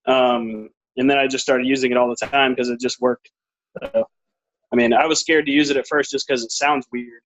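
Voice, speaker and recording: A man's voice: medium pitch, steady tone, normal speed, a bit bright, poor audio. A man in a casual video call chat, talking hesitantly with many fillers. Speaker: course member.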